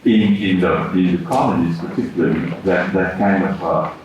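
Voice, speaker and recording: A man on a discussion panel, making his point in a measured, deliberate way. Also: low voice, a little mellow, highs cut off. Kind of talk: roundtable discussion. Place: large room at a public panel. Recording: echoey room, mic far off, background noise.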